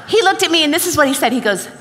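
A woman's voice: high voice, noisy background. A young woman giving a motivational stage talk at a sales event, acting out the dialogue in her stories with animation. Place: large event hall. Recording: reverberant hall.

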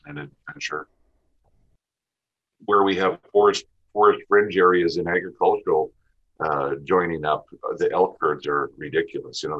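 A man's voice: extremely low pitch, a bit bright. A man from Western Canada with a Canadian accent, a podcast guest talking about hunting in a plainspoken way. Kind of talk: casual interview talk. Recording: dull lo-fi audio.

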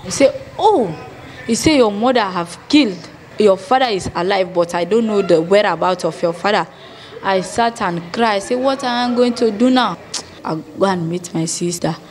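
A young woman with a West African pidgin English accent giving a halting, plain-spoken personal testimony, re-enacting scenes aloud as she tells them. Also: mid-range voice, slight background noise. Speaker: former child soldier giving testimony.

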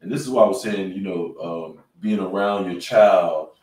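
A male instructor reading child-safety tips aloud on a panel show, halting and correcting himself as he goes. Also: sits low, a little mellow. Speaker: self-defense instructor. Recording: roomy sound from a distant mic.

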